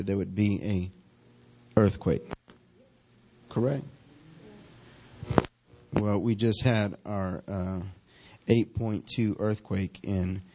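A man, a pastor praying and preaching to his church with fervent, drawn-out calls. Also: fairly low pitch, gravelly, a little mellow. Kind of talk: sermon and prayer. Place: church sanctuary.

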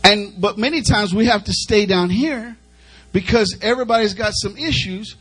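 A man's voice: sits high, moderate pace, fairly bright tone, slightly rough, rough recording. A male preacher delivering an emphatic sermon, repeating phrases as he urges the congregation on. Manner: emphatic, repetitive, urging the congregation.

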